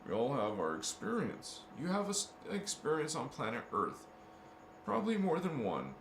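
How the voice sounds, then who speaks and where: In an echoey room with faint background noise, a spiritual vlogger talks casually to his viewers in a wandering monologue to camera, repeatedly restarting and repeating words. His fairly high, slightly bright voice swings hugely in pitch at a normal speed.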